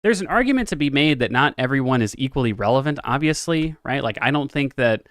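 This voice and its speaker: A young man from Texas doing casual livestream political commentary, rambling, profane and animated. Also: mid-range voice, fast, no echo, studio quality. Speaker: political streamer.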